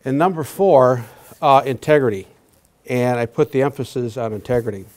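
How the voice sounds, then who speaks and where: A man in his sixties giving a prepared talk to a university audience, halting often with fillers and restarts. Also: medium pitch, a little mellow. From Wisconsin. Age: 60s. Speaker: guest speaker.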